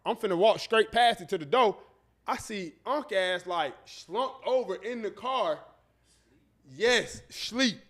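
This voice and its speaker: Podcast host, male, light high voice, loose storytelling, lots of cursing and quoted voices. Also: takes it slowly. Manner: animated, profane, acts out voices in his story. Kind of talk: casual storytelling.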